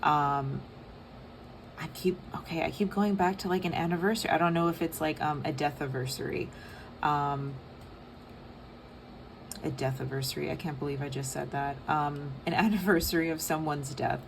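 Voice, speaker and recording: A young woman giving a casual tarot reading, soft and rambling with many fillers. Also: deep voice, steady tone, moderate pace, vocal fry, a little hiss or hum. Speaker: tarot reader.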